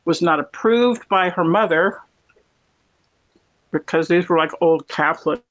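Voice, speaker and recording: A woman's voice: on the low side, unhurried, lo-fi sound. A woman chatting casually from her apartment, telling long, wandering stories while she eats. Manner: rambling, digressive storytelling while eating. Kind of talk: casual chat.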